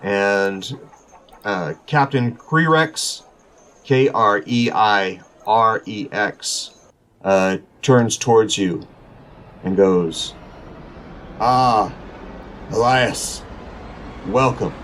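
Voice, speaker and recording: A man hosting a role-playing podcast, narrating as game master with frequent filler pauses. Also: on the low side, fairly bright tone.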